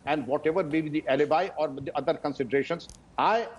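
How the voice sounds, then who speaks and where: Husky man in his sixties on a dull remote feed. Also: fairly high pitch. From India. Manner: measured, deliberate argument. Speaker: retired police officer, panelist. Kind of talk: debate commentary.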